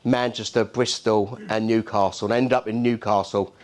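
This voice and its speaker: A man's voice: on the low side, steady tone, normal speed, a little mellow. A middle-aged man with a Cockney accent giving a keynote speech at a conference. He talks in a punchy, rhetorical way and keeps checking in with the crowd. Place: conference hall.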